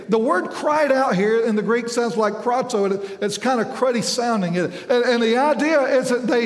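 A man's voice: very high-pitched, normal speed. A man preaching a sermon in a folksy, conversational way. He quizzes the congregation and often trips over repeated words. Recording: echoey hall with long reverb.

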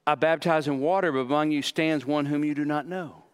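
A middle-aged pastor preaching a sermon, dramatic, acting out quoted lines and repeating words. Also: male voice, a little high, steady tone, fairly quick, clean tone.

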